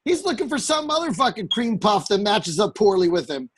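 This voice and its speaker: A man's voice: sits high, very animated, a little fast, slightly rough. A man giving blunt, profane opinions as a podcast guest.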